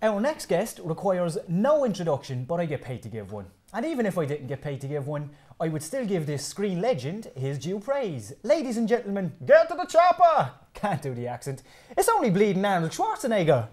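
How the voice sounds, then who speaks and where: A man's voice: fairly high pitch, big pitch swings, brisk, few pauses, mellow. A man with an Irish accent presenting a student comedy morning show, cheeky and teasing. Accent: Irish, Cork.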